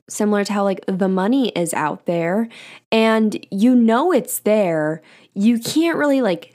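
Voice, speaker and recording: Young woman in her twenties, solo podcast host, loose rambling chat full of fillers, mid-pitched voice. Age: 20s. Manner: rambling and self-deprecating, heavy with "like" and "um".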